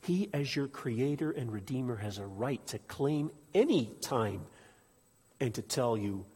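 A man preaching a sermon in a church, animated, swinging between loud emphatic peaks and quiet asides. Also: medium pitch, a little slow, husky. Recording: echoey hall with long reverb.

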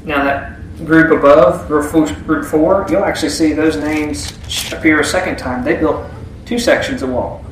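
A man's voice: a little high, steady tone, moderate pace, a little hiss or hum. A man teaching a Bible passage in a sermon, reading verses aloud and explaining them in a folksy way. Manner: folksy, reads scripture aloud then explains. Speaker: preacher. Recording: echoey room with faint ambience.

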